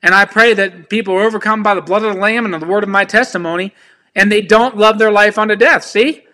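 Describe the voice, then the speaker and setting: Speaking quickly in a high, bright and forceful voice, a man in ministry preaches informally. He shares personal testimony with an earnest, pleading manner, talking straight to those listening.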